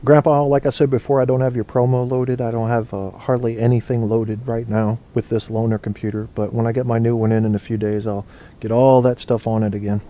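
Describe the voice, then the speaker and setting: Mellow-voiced, rambling man hosting an online show. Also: mid-range voice, flat delivery, brisk. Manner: rambling and profane, thinking aloud. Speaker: internet radio host. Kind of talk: casual live chat show, answering chat.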